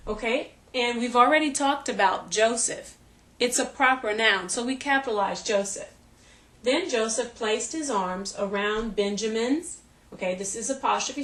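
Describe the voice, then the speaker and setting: A woman's voice: on the high side, a bit bright. A middle-aged woman, a homeschool teacher, giving a patient step-by-step classroom demonstration and checking in with "okay?".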